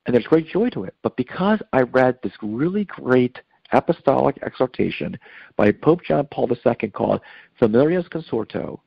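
A man's voice: medium pitch, gravelly, slightly rough, no room sound, lo-fi sound. A middle-aged man giving earnest, preachy advice on marriage as a guest on a Catholic radio talk show, repeating himself with fillers.

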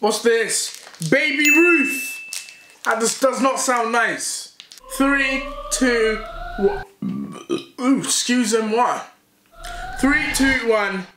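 A young British man on a casual taste-test vlog, reacting loudly and with excitement. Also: very high voice, very slow, noisy background. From United Kingdom. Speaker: YouTuber. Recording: echoey room with loud music.

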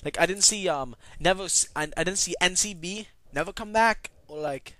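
A young man vlogging a rambling comedic rant, swearing and bursting into shouts. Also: sits high, normal speed, dry recording.

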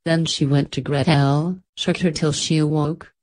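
A woman narrating a fairy tale in a measured, steady storytelling manner. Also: sits low.

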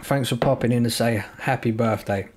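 A man with a steady, mid-range, somewhat dark voice streams a video game at a moderate pace over game music. His commentary is casual as he jokes and thanks his viewers.

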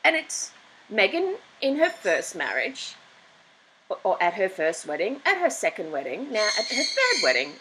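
A woman's voice: medium pitch, huge pitch swings, normal speed, background noise. A middle-aged woman hosting a talk show, delivering a blunt, opinionated rant with frequent restarts. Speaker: host. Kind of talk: opinion commentary monologue.

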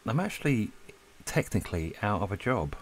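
Deep-voiced man chatting while he draws. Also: moderate pace. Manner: relaxed, rambling, talks to viewers while drawing. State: out of breath. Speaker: art channel host. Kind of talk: casual chat while drawing. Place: lives in Spain.

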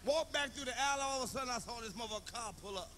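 A man doing loud, profane, animated stand-up comedy on stage, telling stories and shouting punchlines. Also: very high voice, racing. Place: comedy stage before a live audience. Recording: live show recording with reverb and noise.

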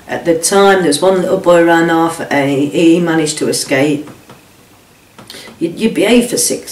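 A woman's voice: fairly low pitch, darkish tone. A middle-aged woman giving a blunt, emotional first-hand account, swearing freely and acting out what others said. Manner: blunt, swears, acts out quoted speech. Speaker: whistleblower guest. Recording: echoey room, distant mic.

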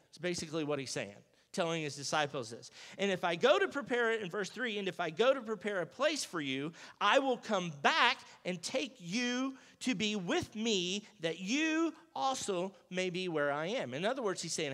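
A man in the role of pastor, giving a casual, conversational sermon, acting out Bible dialogue in a lively, jokey everyday voice. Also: fairly high pitch, brisk. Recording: church sanctuary with long reverb.

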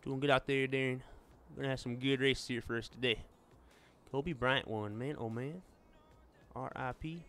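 Male gaming streamer, easygoing and chatty, with a bright, forward tone. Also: mid-range voice, steady tone, normal speed, faint music behind. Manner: chatty, friendly, calls viewers "man" and "buddy". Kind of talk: casual gameplay chat.

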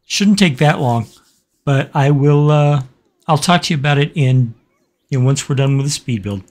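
Soft-spoken man recalling a story haltingly. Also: fairly high pitch. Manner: halting and reflective, with many pauses and fillers. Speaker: gaming channel host. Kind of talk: casual let's-play commentary with a personal story.

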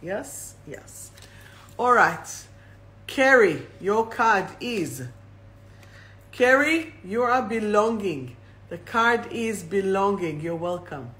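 A host and card reader leads a live oracle reading on a phone or webcam stream, her bright, clear, mid-range voice animated yet unhurried. Each affirmation she reads slowly and says a second time.

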